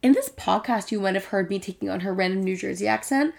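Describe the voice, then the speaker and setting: A woman's voice: mid-range voice, vocal fry, darkish tone. A young woman co-hosting a podcast, chatty and teasing, a little tipsy. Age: young adult. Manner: chatty, teasing, fast-talking. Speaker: podcast co-host. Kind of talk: casual podcast chat.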